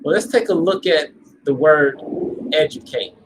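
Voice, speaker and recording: A man co-hosting a live-streamed spiritual talk, walking through his points in a relaxed way and checking in with "right?". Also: a little high, normal speed, a little hiss or hum. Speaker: co-host of a spiritual channel. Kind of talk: live-streamed casual discussion.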